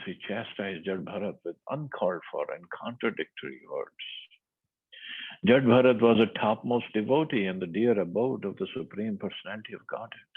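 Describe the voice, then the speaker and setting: A man's voice: fairly low pitch, husky. A man reading a scripture passage aloud, then explaining it in looser asides, with the narrow sound of a phone line. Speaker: scripture class speaker.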